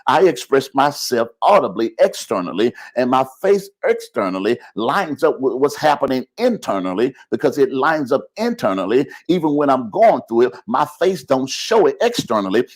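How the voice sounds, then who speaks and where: A man preaching a live-streamed sermon as pastor, calling out to the congregation with repeated phrases and building to rising, heated intensity. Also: mid-range voice.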